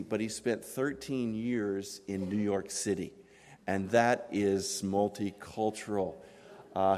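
A pastor with a fairly low voice introduces a guest and leads the congregation in earnest prayer. His words carry the long reverb of a church sanctuary. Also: darkish tone.

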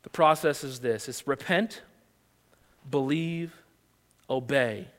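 A male pastor preaching a sermon, retelling the text with animated storytelling and rhetorical questions, in a long-reverb hall. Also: mid-range voice, slow pace.

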